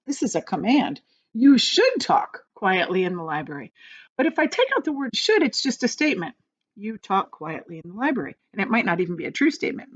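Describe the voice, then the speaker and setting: A woman's voice: medium pitch, husky, muffled recording. A woman teacher giving a recorded grammar lesson, speaking patiently and encouragingly to young students.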